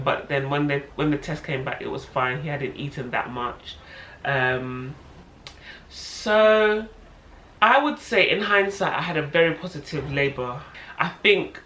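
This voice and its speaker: A woman in her thirties telling a personal story to camera in a casual, animated way, acting out what other people said. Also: sits low. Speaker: vlogger, mother. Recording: echoey room with faint noise.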